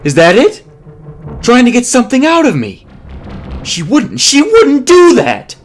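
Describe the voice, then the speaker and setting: A man voicing a frightened, desperate male doctor who shouts threats in a strained, menacing voice, with faint music behind. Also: a little high, lively intonation, a little slow, voice pushed up. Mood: furious, desperate.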